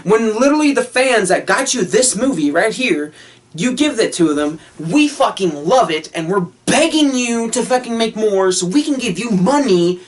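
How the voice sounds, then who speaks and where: A man vlogging on camera, ranting heatedly and swearing constantly, laughing now and then between his points. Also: sits high. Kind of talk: casual rant to camera.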